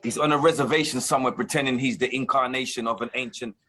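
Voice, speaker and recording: A man's voice: mid-range voice, fairly even intonation, fast talker, bright, forceful tone, faint music behind. A male host in casual chat, reacting with slangy enthusiasm and cracking jokes.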